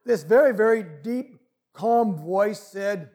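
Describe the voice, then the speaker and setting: A man preaches a sermon in an earnest, deliberate way. His voice sits high. He speaks slowly and gives each phrase its own weight. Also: expressive, darkish tone.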